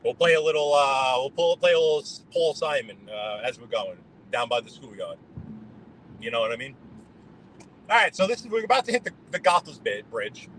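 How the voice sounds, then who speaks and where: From behind the wheel, a man from New York rambles to his live-stream audience and welcomes viewers by name, with traffic and road sounds around him. He speaks at a medium pitch with large swings, a fairly quick pace and a fairly bright tone, captured on a low-quality recording.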